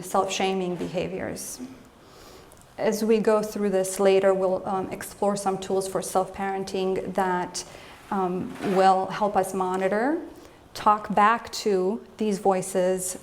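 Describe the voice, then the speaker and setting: A woman in a mid-range voice gives a live lecture as an emotional health coach. She keeps it conversational and turns to the room with questions. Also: mid-range voice. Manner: conversational, poses questions to the audience; acts out scolding voices in quotes.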